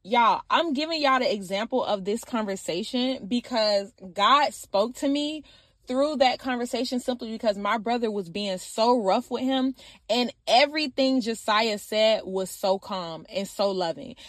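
High-voiced young woman, podcast preacher, informal and direct, dry close recording. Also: normal speed, no echo. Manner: informal, animated, repeats phrases for emphasis and often says "y'all". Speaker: podcast host. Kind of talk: faith-based motivational talk.

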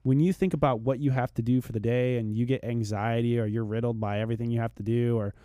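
A fast-talking man with a medium pitch, steady delivery and dark tone appears as a fitness expert on a podcast. He comes across as earnest and motivational, repeating words when starting thoughts, in a dry, studio-quality recording.

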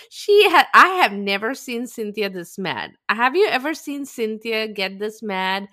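A woman's voice: fairly high pitch, expressive, a little slow, sharp tone. A young woman co-hosting a podcast in casual chat, confessional and sliding into quoted voices. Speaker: podcast co-host.

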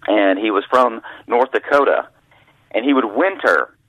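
A man's voice: lowish voice, expressive, measured pace, vocal fry, no room sound. A man telling folksy anecdotes as a guest in an interview, acting out other people's voices, heard over a dry, tinny phone line. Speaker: guest author, former caddy. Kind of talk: storytelling interview.

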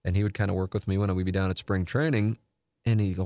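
Low gravelly man in casual chat. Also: very fast, a little mellow, no echo. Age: 40s. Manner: rambling, self-interrupting, candid and profane. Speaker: podcast host.

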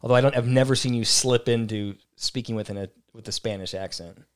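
Man co-hosting a chat podcast, blunt and opinionated, medium pitch. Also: brisk, clean tone. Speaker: podcast co-host. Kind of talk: casual chat.

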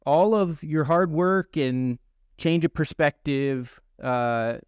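A man hosting an interview, framing his questions in a measured, thoughtful way. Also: on the high side, clean tone, no echo. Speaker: podcast host.

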